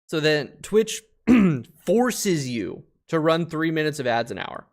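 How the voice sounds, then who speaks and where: Swearing, lively-voiced male streamer. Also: a little high, takes it slowly, vocal fry. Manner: swears a lot and gets loudly frustrated. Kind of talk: casual live-stream gameplay commentary.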